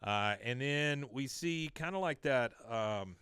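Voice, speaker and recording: A podcast host with a mid-range voice casually recaps a cartoon episode, speaking slowly and smoothly. His retelling is animated, and he quotes the characters' lines in varied voices. The recording is dry.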